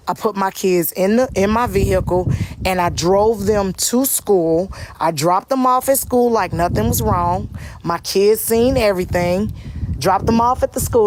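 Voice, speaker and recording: A woman telling a profane, animated storytime straight to her viewers. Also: mid-range voice, a little hiss or hum. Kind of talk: casual storytime monologue.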